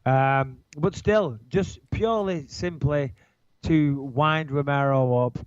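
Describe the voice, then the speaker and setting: A man with a nasal Manchester-area English accent, co-hosting a podcast in brash, swearing, animated banter. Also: a little high, takes it slowly, clear, resonant tone, dry recording, lo-fi sound. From England. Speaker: podcast co-host.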